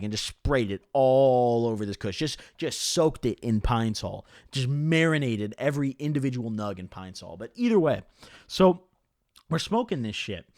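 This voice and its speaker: Young male vlogger, lively swooping delivery, foul-mouthed and rambling, dry close sound. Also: mid-range voice, dry recording. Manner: animated, profane, rambling with many fillers. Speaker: vlogger telling a story. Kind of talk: casual storytelling to camera.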